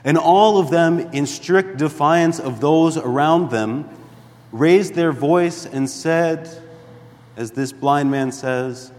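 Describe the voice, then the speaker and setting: Slow-preaching priest in a reverberant church. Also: male voice, a little high. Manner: slow, deliberate preaching with emphatic rises and hushed drops. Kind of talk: sermon.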